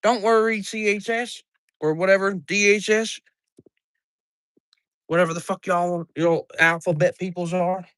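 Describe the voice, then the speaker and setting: A man's voice: high-pitched, level tone, unhurried, pauses often, a bit bright, no echo, studio quality. A man who hosts a farm livestream, chatting casually, joking and swearing while he does chores outdoors. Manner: profane, joking and rambling. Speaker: farmer and livestream host.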